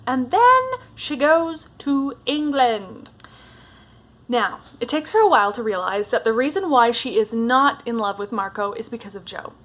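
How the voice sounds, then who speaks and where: A woman reviewing a book in a casual vlog, retelling the story in a chatty, animated way with lots of fillers. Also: a little high. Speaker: book vlogger.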